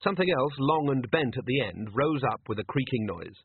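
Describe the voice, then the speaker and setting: A man narrating an audiobook in an unhurried, dry storytelling manner. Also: medium pitch, animated, husky. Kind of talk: audiobook narration doing character voices. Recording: tinny lo-fi dry recording.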